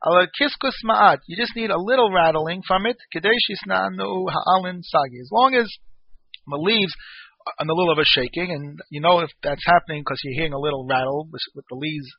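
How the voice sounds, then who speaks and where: Guy teaching a torah law class, reads then explains, a bit high, dry and muffled. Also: fairly quick, gravelly, slightly rough, dry recording. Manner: reads Hebrew phrases then explains in English. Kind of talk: reading and explaining a law text.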